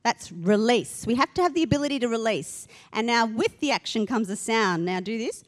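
A woman's voice: a little high, lively intonation, fairly quick. A middle-aged woman pastor, preaching a sermon in a conversational way and leading the audience in simple actions.

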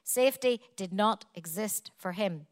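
A woman's voice: mid-range voice, unhurried. A woman preaching a sermon, emphatic and repetitive, building her points in long spoken lists.

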